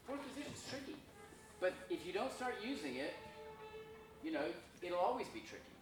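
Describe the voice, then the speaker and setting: A man's voice: high-pitched, very animated, a little fast, music in the background. Frank man coaching an orchestra in an echoey room. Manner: frank, joking, self-deprecating, sings phrases to demonstrate. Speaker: visiting violinist teaching a masterclass. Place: school rehearsal room, echoey. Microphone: recorded from afar by a room camera. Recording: echoey room, distant, noisy.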